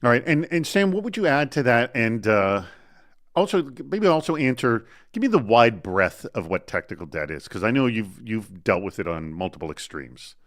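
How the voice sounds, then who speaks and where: Lively, chatty male show host. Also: mid-range voice, normal speed, no room sound. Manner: energetic, chatty, runs through announcements. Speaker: host of a live online show. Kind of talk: upbeat live show hosting.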